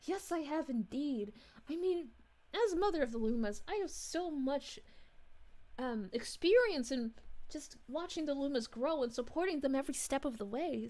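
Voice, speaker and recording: Lady doing a high sing-song space princess, giggly and gushing, voice swoops all over. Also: darkish tone. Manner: bubbly, giggly, gushing thanks. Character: cheerful motherly space princess, gentle and gushing. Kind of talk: live-stream chat reading in character.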